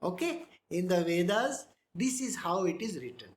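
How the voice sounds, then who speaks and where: A man giving a spiritual discourse, speaking slowly, sounding out words and often checking whether listeners follow. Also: high-pitched, big pitch swings, roomy sound. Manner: slow, demonstrates pronunciation, asks listeners if they follow. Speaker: spiritual teacher.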